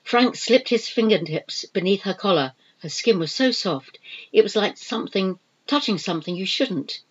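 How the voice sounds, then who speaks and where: A woman reading a novel aloud in expressive, measured scripted narration. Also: medium pitch, slightly rough, muffled recording. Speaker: audiobook narrator.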